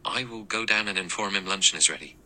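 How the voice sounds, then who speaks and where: A man voicing an anxious, deferential middle-aged manservant who speaks in a low murmur. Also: fast talker, bright, forceful tone, a little hiss or hum, rough recording.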